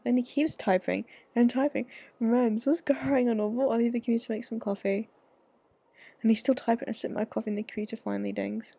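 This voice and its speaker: A woman's voice: fairly high pitch, steady tone, fast talker, vocal fry, mellow, husky, no room sound. A young woman streaming a dating game, chatting, swearing freely and reading the story aloud with jokey asides. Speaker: gaming streamer.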